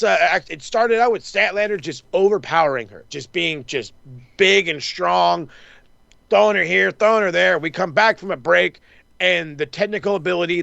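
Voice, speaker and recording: A man with a fairly high, gravelly voice and a bright, forceful edge rattles through a casual recap chat. He swears constantly and slips into quick impressions of the people he quotes. The sound is dry and close. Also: dry recording, muffled recording. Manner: profane, excitable, acts out quotes. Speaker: wrestling podcast host.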